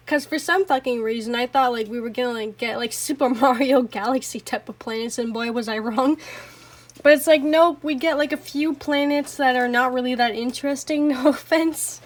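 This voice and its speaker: At home, a woman reviews anime in a casual, rambling rant, swearing often and apologizing and laughing between thoughts. Her voice is high and her pace a little fast.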